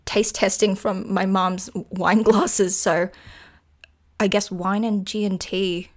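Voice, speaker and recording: A woman's voice: mid-range voice, flat delivery, slow. A young woman, chatting casually and giggling, joking about herself. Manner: giggly, chatty, self-deprecating. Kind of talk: casual chat.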